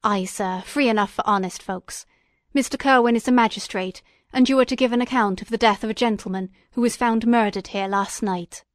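A woman's voice: a little high, fairly quick, no room sound, clean studio sound, lightly acted. A woman voicing a blunt male townsman who firmly orders a stranger along. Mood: stern.

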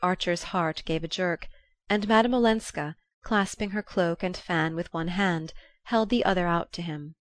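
A woman narrating a classic novel aloud in a measured, even storytelling manner. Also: on the low side, dry recording. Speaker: audiobook reader. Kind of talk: scripted narration.

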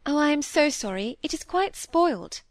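A woman voicing a shy, earnest young woman who speaks softly and pleadingly in a storybook reading. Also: sits high, sing-song, moderate pace, no room sound, voice pushed up. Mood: gentle. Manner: soft, pleading.

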